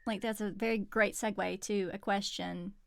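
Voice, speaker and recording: A woman co-hosting a podcast, chatting casually with a bright, laughing manner. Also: medium pitch, steady tone, moderate pace, gravelly, no echo, studio quality. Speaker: podcast co-host. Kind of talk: casual chat.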